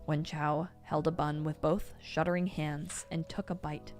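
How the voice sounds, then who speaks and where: A woman reads a novel aloud to her stream in a lowish voice, expressive and lively in her delivery. Faint music sits under her reading. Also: measured pace. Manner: expressive reading, breaks into laughter.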